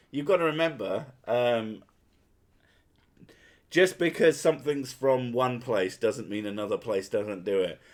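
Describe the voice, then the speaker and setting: A man from North Wales hosting a live stream, chatting crudely and laughing often. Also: mid-range voice. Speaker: streamer host. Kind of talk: casual live-stream chat.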